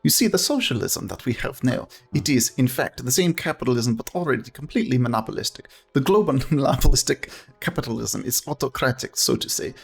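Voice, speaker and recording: A man voicing a stern male Soviet dictator with a put-on Russian accent, reading game dialogue aloud in a slow, pompous, lecturing way. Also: mid-range voice, animated, vocal fry, breathy edge.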